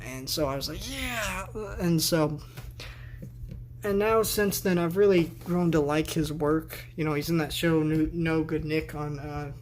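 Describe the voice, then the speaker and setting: A man's voice: fairly high pitch, steady tone, measured pace, slight background noise. A man vlogging a casual tour of his bedroom on a handheld camera, rambling with sarcastic asides. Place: bedroom, indoors.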